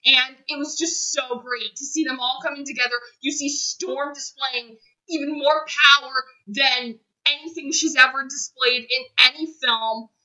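A woman's voice: high voice, steady tone, moderate pace, pushed and bright, poor audio. A young woman reviewing a film in a casual monologue, gushing and repeating herself as she gets emotional. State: choked up, near tears.

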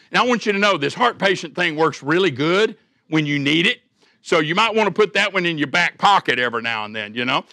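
Older okie preacher guy, bright forceful voice, dry sound, folksy stories and jokes. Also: high voice, animated, fairly quick, no room sound. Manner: folksy storytelling with homespun humor. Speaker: preacher and church elder. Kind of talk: sermon.

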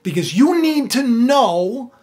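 A man giving an informal Bible teaching, retelling the story with animated, casual storytelling. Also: very high-pitched, slow.

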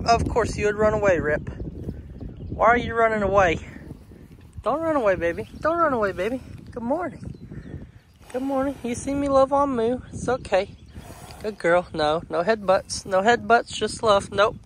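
A man talking warmly to his animals on a rural homestead, then narrating his building work. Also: sits high, animated, normal speed, pauses often, noisy background. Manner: affectionate baby talk to animals, then practical narration. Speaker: homesteading vlogger. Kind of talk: casual vlog talk to animals and camera. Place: outdoors on a rural farm.

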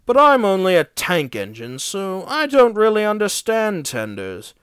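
A man's voice: sits high, wildly swooping pitch, a little slow, a bit bright, clean tone, no room sound, studio quality, pitched above the performer's own voice, full character voice. A man voicing a clever, cheeky little male tank engine with a sly, knowing tone.

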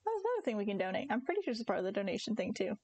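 A woman's voice: mid-range voice, sing-song, racing, darkish tone, no echo. A young woman streaming a farming game, chatting casually and giggly with her viewers and her cats. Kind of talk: casual live-stream chat.

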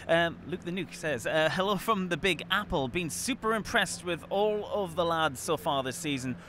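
A man's voice: a little high, lively intonation, normal speed, fairly bright tone. A man presenting a post-match football show, reading out scores and fan questions in an easygoing way. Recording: faint outdoor traffic noise.

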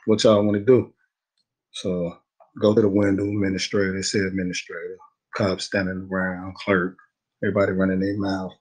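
A man's voice: sits low, little pitch movement, brisk, darkish tone, poor audio. A young man telling a story in a casual interview, slangy and rambling, laughing easily. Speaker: guest telling his story.

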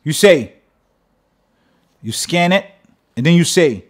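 A man's voice: a little high, lively intonation, unhurried, long pauses. A man teaching a religious lesson, reading prayer lines aloud and then explaining them with emphasis. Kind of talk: sermon with read-aloud prayer.

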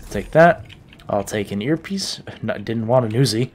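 A man's voice: lowish voice, expressive, moderate pace, darkish tone, a little hiss or hum. A man giving joking, profane gameplay commentary, talking to himself as he plays. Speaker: gaming YouTuber.

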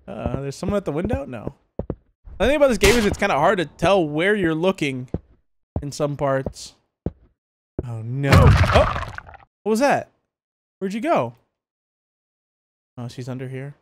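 A man giving chatty, excitable commentary while playing a horror game, reacting out loud as he goes. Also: sits high, background noise. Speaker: gaming YouTuber.

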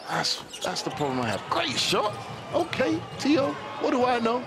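Animated high guy on color commentary, emphatic reactions. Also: normal speed, heavy background noise. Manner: emphatic, repeats his reactions. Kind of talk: live basketball commentary.

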